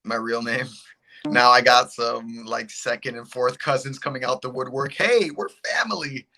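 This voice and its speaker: A man speaks as a guest on a podcast over a video call. His voice is bright and forward at an average pitch. He talks in a loose, laid-back way. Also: completely flat delivery, moderate pace. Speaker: guest, UFC fighter. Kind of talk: casual interview chat. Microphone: video call without earbuds.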